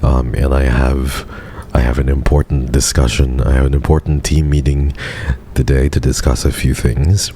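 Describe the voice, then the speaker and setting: Male streamer with a very deep, dark voice, soft and flat, easing a sore throat. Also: moderate pace, a little hiss or hum. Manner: soft-spoken and subdued, flat monotone delivery. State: sore throat, speaking gently to spare it. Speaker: VTuber streamer. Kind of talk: casual livestream chat.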